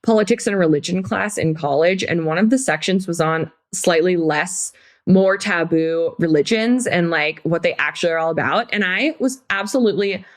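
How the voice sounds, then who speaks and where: A young woman in her twenties co-hosting a casual chat podcast, rambling and giggly, with lots of upspeak and quotes acted out in high, silly voices. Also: normal speed. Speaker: podcast co-host.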